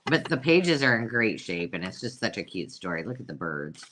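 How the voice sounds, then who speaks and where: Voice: medium pitch, very animated, moderate pace, a bit bright, slight background noise. A host chatting casually through a live sale, self-mocking and cooing over old pictures. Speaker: host selling vintage books.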